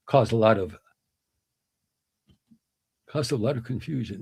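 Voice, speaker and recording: A man's voice: moderate pace, gravelly, pauses often, dark tone, husky, dry recording. A middle-aged man hosting a livestream, reading comments and telling jokes with a chuckle. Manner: chuckling, acts out joke voices with big pitch swings. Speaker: livestream host.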